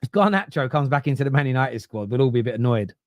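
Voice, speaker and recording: A man's voice: medium pitch, expressive, quick pace, dry recording, studio quality. A man hosting a football podcast, ranting casually with swearing, digressions and mocking asides. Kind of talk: casual opinionated rant.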